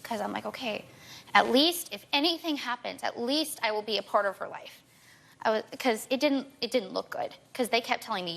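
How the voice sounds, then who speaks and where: Pleading her case on a talk show, a woman in her twenties rushes through an emotional story and keeps repeating points. She speaks in a mid-range, gravelly, fairly bright voice and is very animated.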